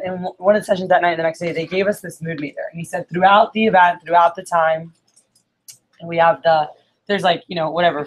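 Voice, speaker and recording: A woman telling a story to a group in a casual, chatty way. She fills her speech with "like" and keeps checking in with "right?". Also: on the low side. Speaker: speaker at a group meeting.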